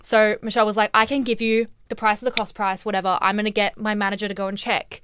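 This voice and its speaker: A young woman with a mid-range voice talks fast while co-hosting a casual chat podcast. She's an animated storyteller recounting a work story, acting out lots of quotes and swearing freely.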